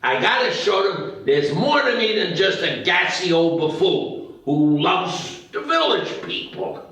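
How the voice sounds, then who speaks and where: Man playing a goofy middle-aged dad, earnest, slow talker, very echoey distant recording. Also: high-pitched, big pitch swings, fairly bright tone, heavily acted.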